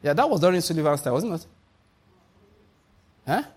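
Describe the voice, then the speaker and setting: Casting note: Nigerian male preacher, slightly high husky voice, jokey storyteller. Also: very animated, moderate pace, darkish tone. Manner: humorous, storytelling, often laughing. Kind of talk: conversational sermon.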